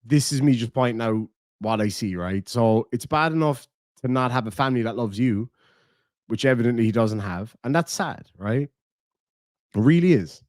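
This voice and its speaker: A man's voice: mid-range voice, moderate pace, a little mellow, no echo. An Irish man hosts a livestream in a loose, rambling way, swearing freely and reading out viewer donations as he goes. His voice sits in an ordinary middle register. The sound is dry and close, with no room around it. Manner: profane, rambling, reads out donations. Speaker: livestream host. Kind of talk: casual livestream chat.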